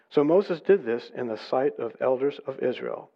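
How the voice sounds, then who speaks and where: A man preaching a sermon, reading scripture aloud and rising in pitch and volume to stress his points. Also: lively intonation, normal speed, few pauses. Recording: dull lo-fi recording.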